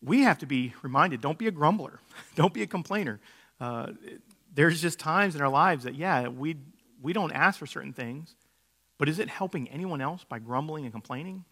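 A man's voice: fairly high pitch, lively intonation, moderate pace, a bit bright. A middle-aged man preaching a sermon, telling stories in a casual way, with many fillers and restarts. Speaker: pastor.

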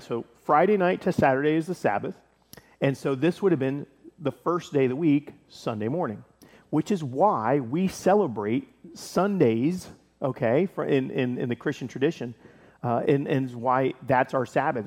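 A man preaching a casual, animated sermon, explaining scripture and acting out the characters with playful voices. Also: mid-range voice, in a large hall. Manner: animated, acts out biblical scenes with playful voices and laughs. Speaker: pastor.

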